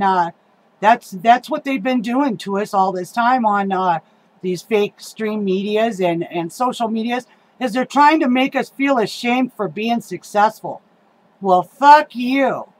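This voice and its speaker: A woman's voice: medium pitch, measured pace, low-quality recording. A middle-aged woman giving a casual, rambling rant about local politics, heated and swearing, with lots of ums and uhs.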